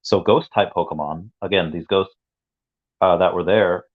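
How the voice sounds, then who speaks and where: A man's voice: low-pitched, steady tone, normal speed. A man on a casual livestream, rambling through a long story with many restarts and asides to chat. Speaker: streamer. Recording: dull lo-fi sound.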